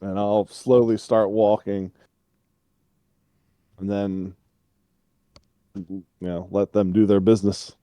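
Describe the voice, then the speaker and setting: A man playing a tabletop role-playing game who jumps into loud, theatrical in-character lines. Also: on the low side, little pitch movement, slow, pauses often, dry recording, clean studio sound. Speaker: player.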